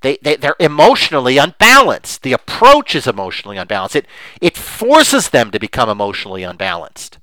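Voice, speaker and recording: Impassioned man with a lively voice. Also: mid-range voice, brisk, no echo, poor audio. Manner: impassioned, emphatic, with many restarts. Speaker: podcast host. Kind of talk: opinionated podcast talk.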